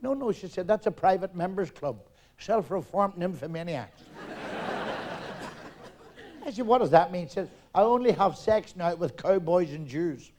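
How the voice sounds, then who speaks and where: A middle-aged man telling rapid-fire jokes on stage, loud and brash, acting out characters. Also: high voice, animated. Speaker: stand-up comedian. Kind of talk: live stand-up joke telling. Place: theatre stage, audience laughter.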